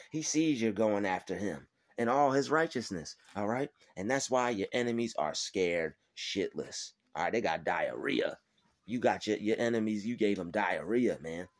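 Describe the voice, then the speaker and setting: A man's voice: on the low side, a little mellow. Man giving an emphatic, profane pep talk. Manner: emphatic, repetitive, swearing freely. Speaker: faith-based motivational vlogger.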